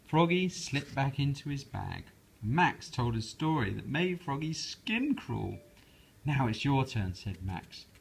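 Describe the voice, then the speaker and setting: A father reads a bedtime picture book aloud to his daughter in a gentle, unhurried storyteller's voice. His pitch rises and falls with lots of expression, and the voice has a husky, breathy texture. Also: low-quality recording. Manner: slow, gentle, lively storyteller.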